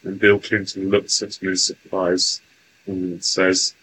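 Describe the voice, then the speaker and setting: A man speaks as a channeled presence in a very low voice. His delivery is slow and deliberate, with oddly formal, stilted phrasing. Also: monotone, pushed and bright, a little hiss or hum, poor audio. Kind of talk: channeling session.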